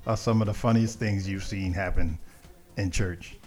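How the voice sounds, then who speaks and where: A man's voice: sits low, fairly even intonation, normal speed, darkish tone. A man hosting a casual interview, asking questions and laughing easily. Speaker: host.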